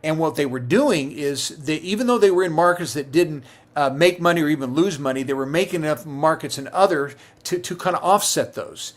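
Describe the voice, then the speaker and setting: Chatty insurance agent man, higher pitch. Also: a little fast. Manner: conversational, many fillers and restarts. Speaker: Medicare insurance agent and livestream host. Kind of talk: live-stream Q&A.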